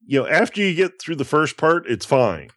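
A man's voice: fairly high pitch, sing-song, moderate pace, fairly bright tone, no echo. Male co-host, plain explainer tone, dry sound. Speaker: game podcast co-host. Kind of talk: casual gameplay commentary.

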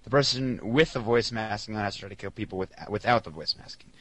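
A man's voice: on the low side, quick pace, no echo, rough recording. A young man co-hosting a casual podcast, reading out listener mail in a rambling way and laughing often. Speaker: podcast co-host.

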